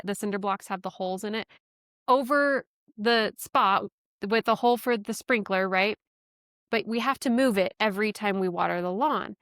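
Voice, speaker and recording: Clean studio audio with no room sound carries a woman's medium-pitched, fairly bright voice. She hosts a podcast, recounting a personal story chattily, making fun of herself and laughing a lot.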